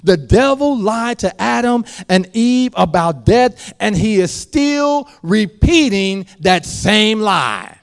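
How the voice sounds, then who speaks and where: A male pastor preaching a sermon, moving from quiet storytelling to loud shouted passages. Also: high voice, lively intonation, slow, vocal fry, hardly any pauses, clear, resonant tone.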